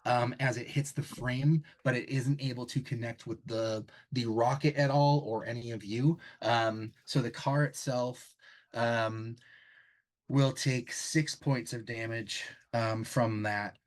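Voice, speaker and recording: A man's voice: mid-range voice, fairly even intonation, low-quality recording. Hesitant man running a tabletop game. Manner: halting, full of ums and restarts. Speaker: game master.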